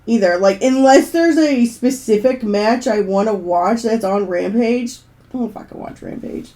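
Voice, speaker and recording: A woman's voice: a little high, moderate pace, warm tone. A woman chatting casually as a podcast co-host, laid-back and dry, with some swearing.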